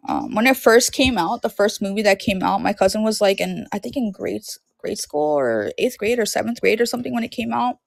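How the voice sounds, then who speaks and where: Brief: young woman reseller, scratchy throat, fry-heavy chatter, close and dry. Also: mid-range voice, animated, a little fast, few pauses, no room sound. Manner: rambling, filler-heavy storytelling. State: sore, itchy throat. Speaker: online reseller selling DVDs and VHS tapes. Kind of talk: casual livestream chat.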